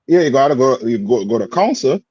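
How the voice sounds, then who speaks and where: A man's voice: medium pitch, very animated, a little fast, dark tone, no echo. A man teaching a scripture class in plain street talk, quizzing his student with repeated "you understand?" checks. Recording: dull lo-fi sound.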